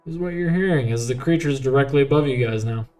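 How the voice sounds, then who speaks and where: A man's voice: mid-range voice, fast, a little mellow, soft background music. A man running a streamed tabletop game as game master, chatting casually with joking asides.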